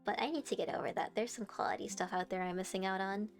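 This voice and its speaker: A woman's voice: mid-range voice, steady tone, quick pace, soft background music. A young woman streaming live, chatting casually and giggling as she answers her chat.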